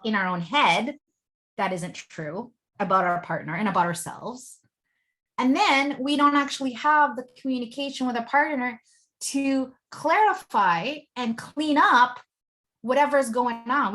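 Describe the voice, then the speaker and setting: Animated higher-voiced woman relationship coach. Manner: animated storytelling with lots of fillers. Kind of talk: podcast interview guest.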